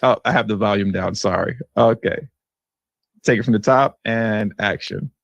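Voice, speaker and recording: A man's voice: on the low side, normal speed, creaky, no room sound. A man from California hosting a livestream, giving casual political commentary with sarcastic, mocking repetition. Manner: sarcastic and mocking, repeats phrases for effect, chuckles. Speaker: livestream news commentary host. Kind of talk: casual political commentary to a live stream audience.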